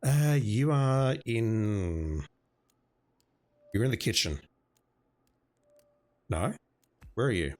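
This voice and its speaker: A man streaming a video game, hoarse and losing his voice, planning his moves aloud as he plays. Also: lowish voice, sing-song, drawn-out words, long pauses, darkish tone. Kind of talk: gaming commentary.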